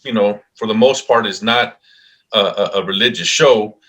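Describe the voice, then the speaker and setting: Host, male, lowish bright voice, hesitant and reflective. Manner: halting, many fillers, reflective. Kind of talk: interview chat.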